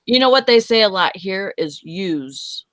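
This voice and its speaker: A woman's voice: medium pitch, expressive, unhurried, fairly bright tone, no room sound. A woman on a casual panel chat, easygoing and chuckling along.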